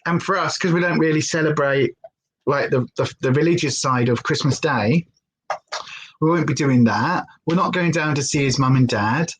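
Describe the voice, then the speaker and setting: A woman's voice: low voice, moderate pace, breathy edge, poor audio. A woman chatting casually on a livestream, rambling and stopping to talk to her dog. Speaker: livestream host.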